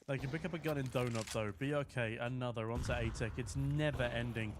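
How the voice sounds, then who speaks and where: A man's voice: medium pitch, fairly quick. A man casting a live esports match alone, calling the action and chatting with viewers in between. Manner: chatty, eating while casting, reads chat aloud, rises to shouting at big plays. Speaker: esports caster. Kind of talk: solo live esports commentary with chat replies. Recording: streamed with clear background noise.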